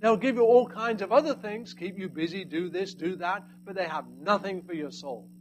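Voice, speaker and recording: A man preaching a sermon, swinging between loud emphatic lines and hushed, quiet asides. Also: high voice, normal speed, a little hiss or hum, poor audio.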